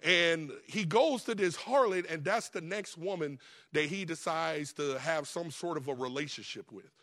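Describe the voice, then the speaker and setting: A man preaching a sermon as the pastor, telling a Bible story in a casual, lively way, laughing often and acting out the characters. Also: a little high, normal speed.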